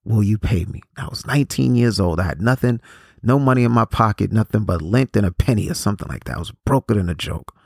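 A man in his forties gives a preachy motivational talk, circling back on phrases and restarting sentences. His voice is low and gravelly. The recording is dry and close to the mic. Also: animated, fast talker, no room sound. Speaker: motivational speaker.

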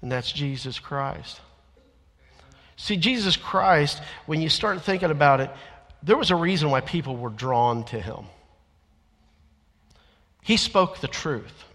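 A man preaching a sermon as a church minister, earnest, rising to loud emphatic lines and dropping to quiet confessional ones. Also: fairly high pitch, lively intonation, slow pace, pauses often. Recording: long church reverb.

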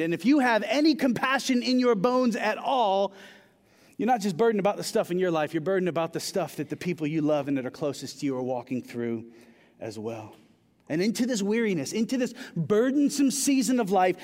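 A man's voice: high-pitched, darkish tone, in a large hall. A man preaching a sermon as a pastor, conversational, repeating words and building emphasis. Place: church.

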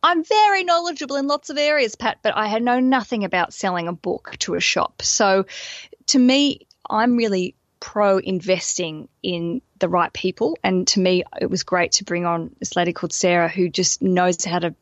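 An Australian woman talking casually as a podcast guest, lively and self-deprecating, full of restarts and asides. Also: mid-range voice, normal speed, no room sound, lo-fi sound. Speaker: podcast guest, wedding business owner.

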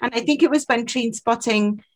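Scottish woman podcast co-host, higher voice, casual and playful, laughs a lot. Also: normal speed. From Scotland. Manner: chatty, laughs often, playful storytelling. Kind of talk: casual chat.

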